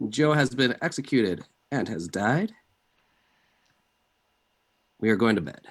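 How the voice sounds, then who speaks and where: Brisk man moderating a game. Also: fairly low pitch, lively intonation. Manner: brisk, procedural. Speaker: storyteller running an online social deduction game.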